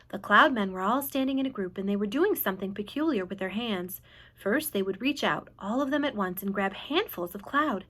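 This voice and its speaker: A woman reading a children's book aloud in an expressive, animated way. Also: medium pitch, fairly quick. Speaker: storyteller.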